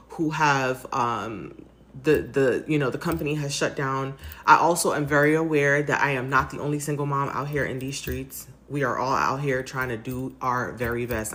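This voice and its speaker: Low-voiced woman vlogging after crying all night, soft and halting, lots of ums. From United States. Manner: soft, halting, rambling with fillers. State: tearful, crying. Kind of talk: emotional personal vlog.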